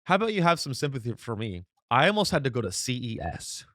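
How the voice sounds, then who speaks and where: A man at an ordinary pitch rants in a sarcastic, mock-outraged comedic monologue, piling up rhetorical questions and restarting his sentences. The sound is close and dry, with no room around it. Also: very animated, quick pace, a bit bright, dry recording. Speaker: comedy podcast host.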